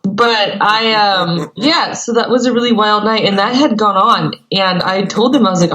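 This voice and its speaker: A woman's voice: medium pitch, measured pace, fairly bright tone. Woman on a podcast, telling a story and doing all the voices, kinda muffled lo-fi sound. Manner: storytelling, acts out both sides of a dialogue. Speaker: co-host. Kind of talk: casual podcast chat. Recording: dull lo-fi recording.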